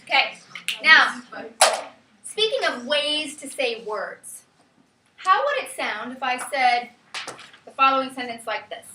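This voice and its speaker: A woman teacher giving a classroom lesson, lively and chatty, often checking in with her students. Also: sits high, slow, pauses often. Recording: roomy classroom from a far camera.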